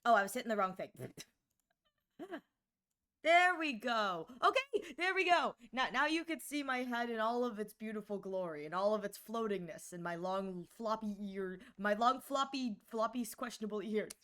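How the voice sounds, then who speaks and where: A woman streaming live, chatting casually with her viewers in a bubbly, giggly, animated way. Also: fairly high pitch, normal speed.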